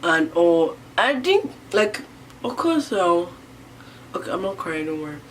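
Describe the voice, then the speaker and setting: A young woman from Niger telling a personal story to camera in a rambling way, full of fillers. She swings from loud bursts to hushed near-whispers. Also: lowish voice, very animated, a little slow, a little hiss or hum. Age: young adult. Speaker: vlogger.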